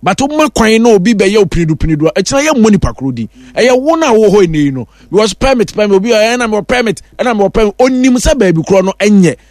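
A Ghanaian man with a high, forceful voice leads a heated political talk segment. His voice comes through close and dry, with no room echo. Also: sing-song, fast, hardly any pauses. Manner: forceful, argumentative, switches between Twi and English. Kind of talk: political discussion in Twi.

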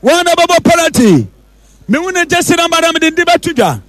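High-voiced Ghanaian football commentator, man. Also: fairly quick, no echo, poor audio. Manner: repeats players' names and shouts them out excitedly. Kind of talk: penalty shootout commentary.

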